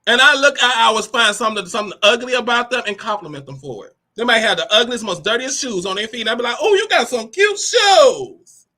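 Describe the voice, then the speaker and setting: A woman hosting a motivational talk with a brassy, animated delivery, cursing freely and calling listeners honey and baby. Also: on the high side, fast talker, few pauses. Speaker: host of a motivational talk show.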